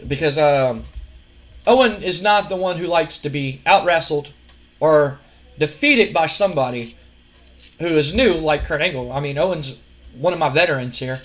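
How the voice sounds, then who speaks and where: A man casually narrating a wrestling sim game, rambling and animated with lots of fillers. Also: fairly high pitch, moderate pace, rough recording. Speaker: gaming video host.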